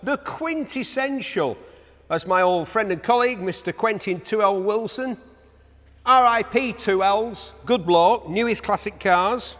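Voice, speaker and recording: Man, auction car presenter, high animated voice, chatty and jokey, reverberant hall sound. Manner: enthusiastic, jokey asides to himself. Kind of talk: chatty car walkaround commentary. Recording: echoey large hall.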